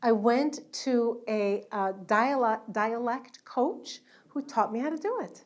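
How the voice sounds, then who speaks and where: A woman's voice: on the high side, expressive, slow. A woman, an educational entertainer, chatting and telling stories to an audience at an event after her show. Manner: chatty, warm storytelling with laughs. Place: event hall at a luncheon.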